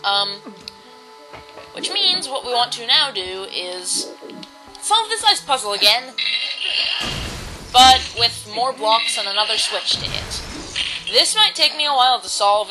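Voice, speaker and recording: A let's play host with a mid-range voice rambles casually while playing a video game, filling her commentary with ums and restarts. Game music plays in the background, and the audio quality is poor.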